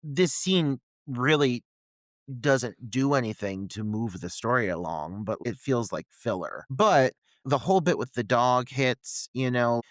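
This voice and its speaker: A man co-hosting a podcast, giving relaxed, wry commentary on a film with plenty of filler words. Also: mid-range voice, measured pace, no room sound. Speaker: podcast co-host. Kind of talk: casual film discussion.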